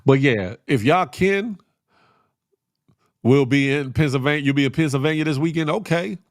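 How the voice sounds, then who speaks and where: A middle-aged man hosts a live morning stream with a gravelly, raspy edge and a fairly high voice. He talks in an animated, slangy way, shouting out viewers by name. The sound is dry and close. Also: normal speed, dry recording. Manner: animated, calls out chat names, slangy and preachy. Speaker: morning show host. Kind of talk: casual live-stream chat reading viewer comments.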